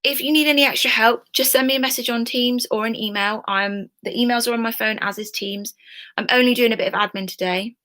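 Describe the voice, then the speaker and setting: Bright, reassuring woman teacher. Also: on the high side, fairly even intonation, fairly quick. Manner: warm, reassuring, chatty with fillers. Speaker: history teacher. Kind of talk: recorded remote lesson to pupils.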